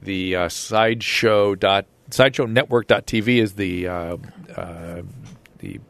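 A man's voice: on the low side, a bit bright, dry recording. A man hosting a podcast, reading a sponsor spot and chatting with a guest in a casual way. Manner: chatty, reads sponsor links slowly and spells them out. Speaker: podcast host. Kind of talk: casual interview chat with ad read.

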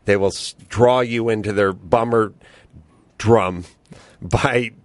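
A man hosting a podcast, chatting casually and reading ads in an animated, profane way. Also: on the low side, takes it slowly, no room sound. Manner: animated, swearing, does voices. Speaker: podcast host. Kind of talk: casual comedic chat and ad reads.

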